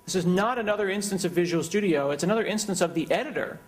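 A man delivering a conference keynote with a live software demo, talking in a loose, joking, conversational way. His voice sits a little on the higher side for a man. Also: fast. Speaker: keynote speaker.

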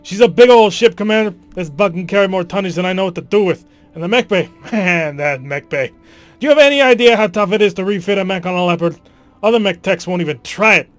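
A man voicing a blunt, cheerful male mech technician in a game, talking loud and joking. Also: high-pitched, no room sound, lightly acted.

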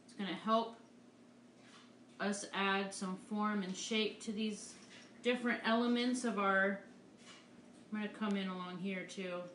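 A woman's voice: medium pitch, fairly even intonation, measured pace, long pauses, fairly bright tone, roomy sound, a little hiss or hum. A woman art teacher giving a live painting demonstration, upbeat and encouraging as she talks through each stroke. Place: art studio.

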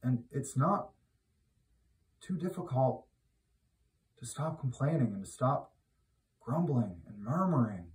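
A man preaching in a loose, conversational way, talking from the everyday and rising into loud, emphatic exhortation. His voice sits in a mid register and carries a roomy echo, since he stands some way back from the mic. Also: medium pitch, animated, slow pace, pauses often, recorded from a distance. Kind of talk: informal sermon.

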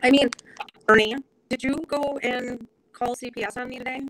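High-voiced woman firing off questions. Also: fairly even intonation, normal speed, a bit bright, no echo, poor audio. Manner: pointed, probing questions. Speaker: caller on a live stream. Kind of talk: casual conversation.

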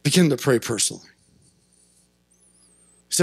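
A male pastor preaching a sermon in church, speaking earnestly and building to impassioned shouts at his peaks. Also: mid-range voice, fairly quick, no echo. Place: church sanctuary.

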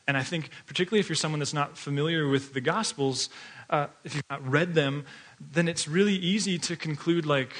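Chatty, bright-voiced male pastor. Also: on the high side, brisk. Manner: chatty, filler-heavy, often laughing while telling stories. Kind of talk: conversational sermon with storytelling.

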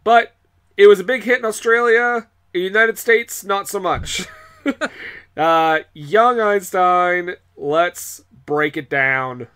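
A man's voice: high voice, unhurried, fairly bright tone, smooth. A man co-hosting a podcast about bad movies, chatting casually and joking with frequent laughter. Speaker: podcast co-host. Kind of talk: casual chat.

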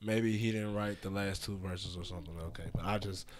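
A low-voiced man guesting on a podcast as a rapper. He starts his points with halting restarts, then presses them home with emphasis. The recording is close and dry. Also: steady tone, dry recording. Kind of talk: casual chat.

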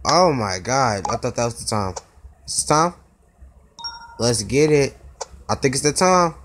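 Excitable young gamer man, noisy phone recording. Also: medium pitch, a little slow. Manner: excitable, exclaims and groans at each try. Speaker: gaming YouTuber. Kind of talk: casual mobile gameplay commentary.

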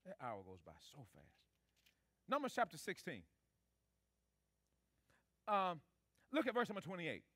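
High, bright-voiced preacher man. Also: wildly swooping pitch, unhurried, long pauses, no room sound. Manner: preaching with call-and-response to the congregation. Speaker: pastor. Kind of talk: sermon.

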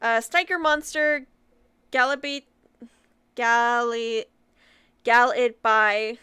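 Giggly young woman, clear voice. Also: fairly high pitch, slow pace, pauses often, bright, forceful tone, no echo. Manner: giggly, stumbling over names, apologetic. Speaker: YouTuber. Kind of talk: casual vlog shout-outs.

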